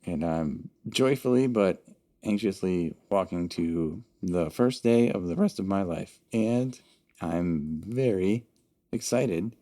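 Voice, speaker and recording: Man doing an eager young new hire, very deep voice, lively pitch, earnest. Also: takes it slowly. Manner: earnest, goofy. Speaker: player. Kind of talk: tabletop role-play.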